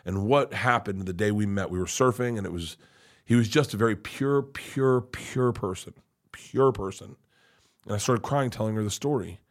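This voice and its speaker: A man's voice: lowish voice, moderate pace. A middle-aged man on a podcast spins personal stories in a loose, rambling flow. He swears freely, restarts his sentences often and laughs as he goes, with an open, emotional delivery. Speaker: podcast guest. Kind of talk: casual storytelling chat.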